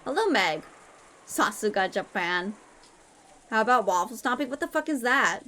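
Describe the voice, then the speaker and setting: Young woman, casual stream chat, crude, playful, a bit high-pitched. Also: expressive, normal speed, bright, forceful tone. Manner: crude, swears a lot, playful.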